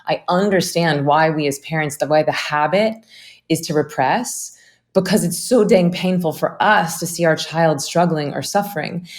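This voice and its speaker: A low-pitched woman speaks as a guest in a relaxed interview. She talks earnestly about parenting and slips into quick acted-out voices when she quotes people. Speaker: guest, meditation teacher. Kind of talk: casual interview conversation.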